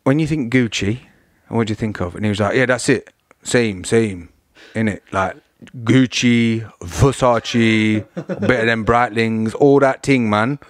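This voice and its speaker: A man's voice: lowish voice, measured pace, dry recording. A man, a podcast guest chatting casually, telling stories and acting out the people in them. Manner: animated storyteller who acts out voices. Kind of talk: casual chat.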